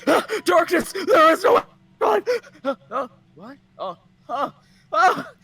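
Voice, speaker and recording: A man's voice: very high-pitched, very animated, slow pace, bright, forceful tone, far from the mic, faint music behind, full character voice. A man voicing a young warrior just revived from death, crying out in panic. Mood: terrified. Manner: shrieking, panicked cries.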